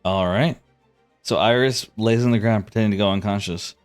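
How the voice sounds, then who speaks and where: A man's voice: on the low side, steady tone, brisk, smooth, faint music behind. A man narrating and ruling as game master of a tabletop game.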